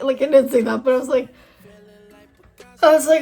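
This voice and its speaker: High-voiced chatty young woman vlogger. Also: a little fast, darkish tone, faint music behind. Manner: chatty, valley-girl fillers, acts out dialogue. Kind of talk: casual storytime vlog.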